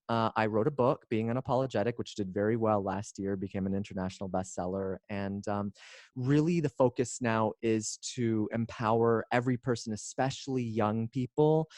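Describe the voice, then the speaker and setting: Expressive man in his forties. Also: fairly low pitch, no room sound, studio quality. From Canada. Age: 40s. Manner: expressive, playful, drawn-out phrasing. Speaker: guest, speaker and coach. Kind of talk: casual interview chat.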